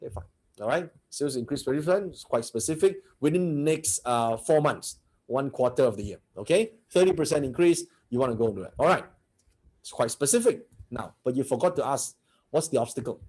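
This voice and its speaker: A man's voice: medium pitch, animated, a little fast, darkish tone, breathy edge. A man teaching a motivational seminar, blunt and brash, who keeps firing rhetorical questions at his audience.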